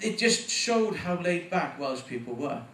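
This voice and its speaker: A nervous man in his forties does his first stand-up set in a high, bouncy voice that keeps swinging up and down. He rambles, swears and chuckles at his own jokes. He is picked up from a distance in an echoey room with a faint background hum. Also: animated, measured pace, fairly bright tone. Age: 40s. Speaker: first-time stand-up comic. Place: small venue with live audience.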